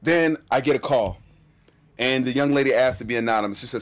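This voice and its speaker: A man telling a personal story in casual chat, animated and acting out what people said. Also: mid-range voice. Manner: animated, fast-talking storyteller acting out quotes.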